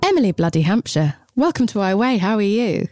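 A woman hosting a podcast, her voice hoarse from a cold, talking in an effusive, enthusiastic way. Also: medium pitch, sing-song, a little fast, a little mellow, dry recording, studio quality, soft background music. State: sick, hoarse voice. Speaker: podcast host. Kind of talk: podcast intro and interview.

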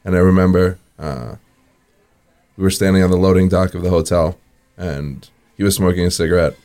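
A deep-voiced man tells his story in a relaxed, chatty way. He chuckles as he goes and leans on fillers like "you know" and "uh." He speaks as a guest in a casual interview. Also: brisk. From New York area. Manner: lively storyteller, chuckles often, many fillers.

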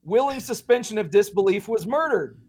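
A man with a notably high voice delivers casual wrestling commentary as a podcast co-host. He rants sarcastically and swears freely. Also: lively intonation, moderate pace, a little mellow, husky.

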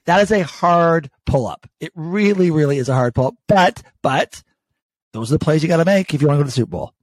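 Animated sweary man talking sports. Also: a little high, fast talker, no echo. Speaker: podcast co-host. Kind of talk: casual sports chat.

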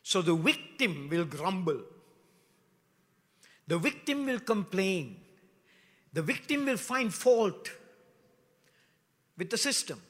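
A middle-aged man preaching a sermon as pastor, with animated rhetorical questions, dropping to hushed asides and rising loud again. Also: high voice, takes it slowly, long pauses. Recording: long reverb of a large hall.

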